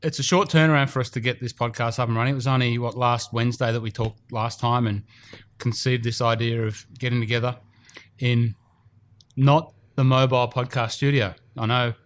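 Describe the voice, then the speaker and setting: A man's voice: mid-range voice, flat delivery, fairly quick. A man hosting a casual podcast in an indoor golf studio, chatty and rambling with fillers. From Australia. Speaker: podcast host.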